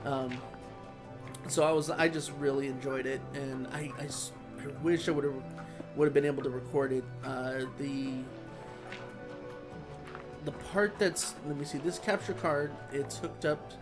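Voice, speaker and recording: A man talks casually over his gameplay, rambling in an easygoing way. His voice sits at a middling pitch. Music plays clearly underneath. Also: fairly even intonation, a little slow. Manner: rambling, easygoing, many fillers. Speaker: gaming vlogger.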